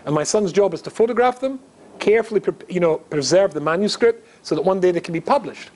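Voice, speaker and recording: A man's voice: high-pitched, animated, fast talker, a little mellow. A middle-aged man from Scotland, a rabbi giving a humorous storytelling lecture, chatty and joking with asides to the audience. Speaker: rabbi and guest speaker.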